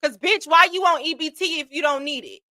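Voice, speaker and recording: Bright, high-pitched woman ranting bluntly. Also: a little fast, a little hiss or hum. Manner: blunt, profane, argumentative. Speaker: host. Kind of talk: heated livestream rant.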